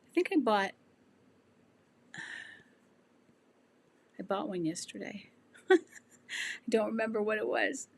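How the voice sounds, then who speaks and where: Hoarse woman chatting on a sewing livestream. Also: mid-range voice, expressive, takes it slowly, long pauses, a little hiss or hum. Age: 60s. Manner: rambling, with many ums and restarts. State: losing her voice. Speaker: sewing channel host. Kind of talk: casual livestream chat reading comments.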